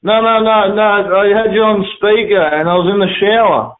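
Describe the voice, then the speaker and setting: Australian male caller, hesitant, high voice, tinny phone audio. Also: steady tone, moderate pace. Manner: hesitant, stumbling. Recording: thin phone line.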